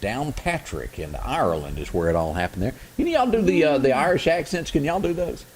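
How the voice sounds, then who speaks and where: A man's voice: medium pitch, fairly quick, a little hiss or hum. A man hosting a casual talk show, folksy and chuckling as he chats. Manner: folksy and chuckling, lively delivery. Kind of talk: casual studio chat.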